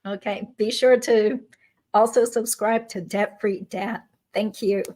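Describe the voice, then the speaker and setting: A woman's voice: medium pitch, steady tone, unhurried, a little mellow. Friendly woman hosting a chat. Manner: friendly, conversational, agreeable. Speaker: host and YouTube lawyer. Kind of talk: casual interview chat.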